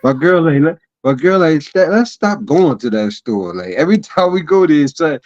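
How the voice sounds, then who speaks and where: Man, casual storyteller, animated quoted voices, fairly high voice, dull lo-fi audio. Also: normal speed. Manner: animated, acts out quoted voices with sudden pitch jumps. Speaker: co-host.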